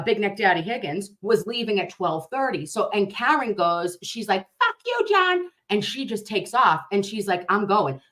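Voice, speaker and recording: A woman hosting a casual livestream chat, telling stories in a rambling, profane, animated way. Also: medium pitch. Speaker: livestream host.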